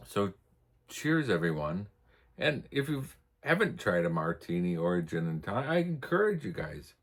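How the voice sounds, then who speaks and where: Deep-voiced and very animated, a man from the U.S. hosts a casual vlog at a moderate pace. He spins rambling tales in a chatty way, chuckling as he goes.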